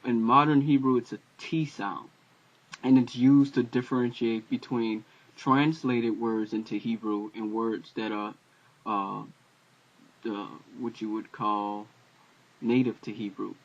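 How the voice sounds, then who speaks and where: A man giving an informal home-made alphabet lesson, talking haltingly with many fillers and self-corrections. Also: medium pitch. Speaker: language teacher. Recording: dull lo-fi home video audio.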